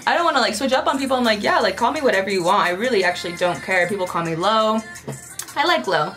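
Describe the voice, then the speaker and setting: A young woman talks loosely and thoughtfully while doing her makeup, drifting from thought to thought with plenty of filler words. Her voice sits at an ordinary middle pitch for a woman. Faint music plays underneath her. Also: fairly bright tone. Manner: rambling, reflective, heavy use of "like". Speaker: vlogger.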